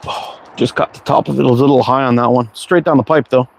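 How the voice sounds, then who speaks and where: A middle-aged man casually chatting on a livestream as he shoots, relaxed and self-deprecating. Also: mid-range voice, quick pace, creaky, low-quality recording. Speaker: slingshot livestream host. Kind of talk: casual live-stream chat while target shooting.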